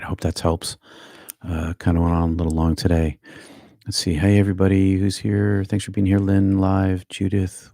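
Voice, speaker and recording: Gravelly low-voiced Boston man. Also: no room sound, clean studio sound. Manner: calm, unhurried, chatty asides to viewers. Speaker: meditation teacher. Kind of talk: live-streamed meditation talk.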